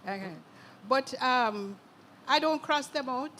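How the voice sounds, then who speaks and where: A woman's voice: sits high, slow, a bit bright, a little hiss or hum. An older woman with a Jamaican accent, speaking as a writer in an interview, emphatic and earthy, often closing her points with "okay". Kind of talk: conversational interview at a literary event.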